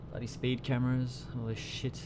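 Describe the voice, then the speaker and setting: A young man talks his way through a truck-driving game in slow, easy chatter, cursing freely and muttering to himself. Truck engine and road noise from the game hum clearly under his voice. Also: medium pitch. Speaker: let's play gamer. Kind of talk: casual gameplay commentary.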